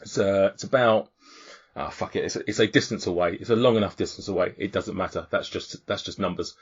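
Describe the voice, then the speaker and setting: A man's voice: low voice, fairly quick, husky. A man narrating a tabletop game as game master, rambling with fillers and restarts. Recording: dull lo-fi audio.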